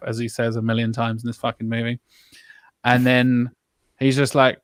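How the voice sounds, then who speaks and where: A man's voice: mid-range voice, little pitch movement, moderate pace, long pauses, no room sound, studio quality. A man in casual film chat who talks in an exasperated way, with sarcastic asides and swearing. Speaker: podcast co-host.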